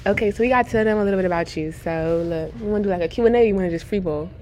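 A young woman hosting a podcast in casual chat, animated and slangy, laughing often. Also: medium pitch, rapid-fire, a little hiss or hum. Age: young adult. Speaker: podcast host.

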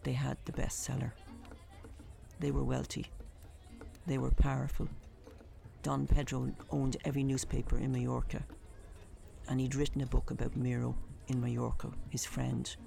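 A woman's voice: a bass voice, monotone, moderate pace, gravelly, long pauses, dark tone, soft background music. A woman telling a vivid personal story in a conversational, colourful way.

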